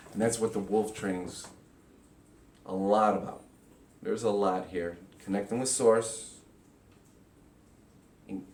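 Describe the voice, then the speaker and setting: A man giving a casual spiritual teaching talk, animated and acting out inner voices with sudden loud, high bursts. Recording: echoey room.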